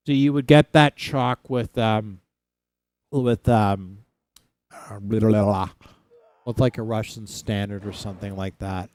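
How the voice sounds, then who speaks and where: A man's voice: lowish voice, steady tone, slow, long pauses, a little mellow, no echo. A man hosting a casual livestream, chatting loosely with viewers and rambling with frequent restarts. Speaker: livestream host. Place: home in Saskatchewan.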